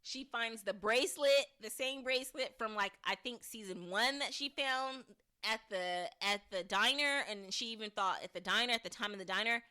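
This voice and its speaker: A woman hosts a podcast with a fairly high, clear, resonant voice at a moderate pace. She chats casually through an episode recap, thinking aloud and restarting sentences. She's lively and acts out the characters' lines as she goes.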